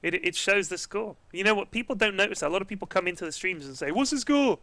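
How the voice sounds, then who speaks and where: A man casting a video game match in a relaxed, chatty way, joking and swearing freely. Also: high-pitched, fast, dry recording. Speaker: esports caster. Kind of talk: casual game commentary.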